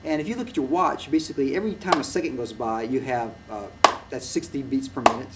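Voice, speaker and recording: Captured by a distant mic in a noisy room, a fast-talking man with a mid-range voice teaches music in a relaxed lecture. His delivery wanders, packed with fillers and false starts, as he claps and plays examples.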